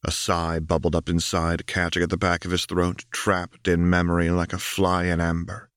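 A man narrating an audiobook in a calm, measured way. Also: sits low, clean tone, dry recording, clean studio sound.

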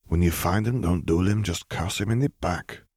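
A man's voice: sits low, normal speed, darkish tone, no room sound, studio quality. A man voicing a young, pregnant French witch who teases and scolds in a murmur, read as a character in an audiobook. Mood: teasing, cross. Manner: murmured, teasing reproach.

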